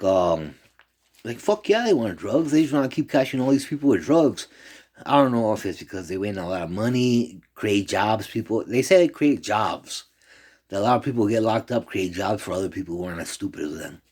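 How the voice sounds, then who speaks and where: A man's voice: lowish voice, darkish tone, husky. A man rambling in a loose, profane monologue, jumping from one complaint to the next.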